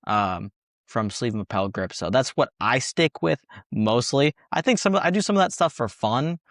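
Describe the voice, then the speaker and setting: A young man from Texas answers interview questions in a relaxed, chatty way, laughing often as he explains technique. His voice sits at a middle pitch. The recording is dry and close, with no room sound. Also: moderate pace, no room sound. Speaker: guest fighter and coach. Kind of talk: casual interview.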